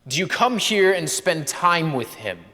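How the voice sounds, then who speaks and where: A man's voice: a little high, sing-song, a little slow, bright, forceful tone. A young male priest preaching a conversational homily, acting out remembered dialogue. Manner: conversational, acts out quoted dialogue. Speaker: pastor. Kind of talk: sermon. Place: church. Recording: long church reverb.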